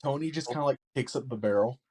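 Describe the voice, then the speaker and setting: Guy playing a tabletop game, mid pitch, hesitant, talks about his guy in third person. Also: fast talker, a little mellow, breathy edge. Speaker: player.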